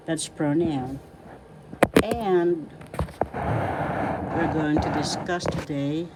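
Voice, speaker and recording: Teacher woman, slow deliberate syllable drills, loud traffic noise behind her. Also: sits low. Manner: syllable-by-syllable pronunciation drilling, warm greetings. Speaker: language teacher. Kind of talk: slow spoken language lesson with syllable breakdowns. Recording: loud background noise, passing vehicles.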